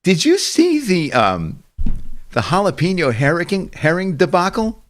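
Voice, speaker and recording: A man's voice: high voice, huge pitch swings, a little slow, a little hiss or hum. A man hosting a show, telling rambling stories in casual chat and laughing often. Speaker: show host.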